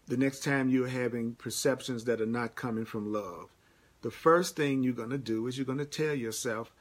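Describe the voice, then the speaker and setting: A man giving a live-streamed spiritual teaching, emphatic and repetitive, answering viewer comments by name. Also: mid-range voice. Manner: repetitive, emphatic, repeats key phrases.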